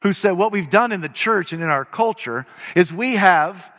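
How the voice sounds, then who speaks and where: A man preaching a sermon to a crowd, emphatic, swinging between loud declarations and quiet remarks. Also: high-pitched, expressive, normal speed. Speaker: pastor. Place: church sanctuary before a crowd. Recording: live hall with long reverb.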